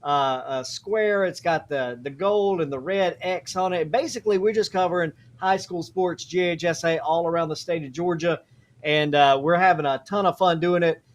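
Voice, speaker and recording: Jokey co-host, fairly high voice. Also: male voice, moderate pace. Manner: jokey, folksy, self-deprecating. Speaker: co-host, high school sports broadcaster. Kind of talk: casual live show chat.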